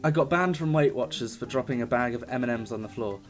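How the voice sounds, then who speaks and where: Excitable young gamer guy. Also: mid-range voice, fast talker. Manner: excitable, jokey, talks to the game. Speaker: gaming YouTuber. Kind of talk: casual let's-play commentary.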